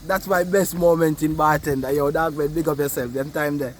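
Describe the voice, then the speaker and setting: A Jamaican man telling a story in lively patois, acting out the people he quotes. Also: on the high side, a little fast, hardly any pauses, slight background noise. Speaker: cast member interviewee. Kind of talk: animated storytelling.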